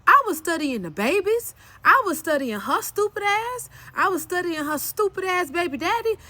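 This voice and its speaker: In a candid vlog, a woman with an extremely high voice tells a personal story at a moderate pace, with no room sound. She's blunt and emphatic, cursing often, and her animated retelling jumps sharply whenever she quotes herself.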